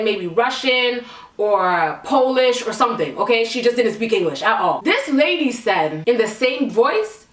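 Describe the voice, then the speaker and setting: A young woman from Canada telling a storytime vlog in an animated, candid and profane way. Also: on the high side. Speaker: vlogger. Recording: echoey room, mic at a distance.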